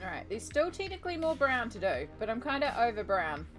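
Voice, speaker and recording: A woman's voice: fairly high pitch, very animated, brisk, a bit bright, soft background music. A woman chatting casually and playfully while she paints on a live stream. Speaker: art streamer.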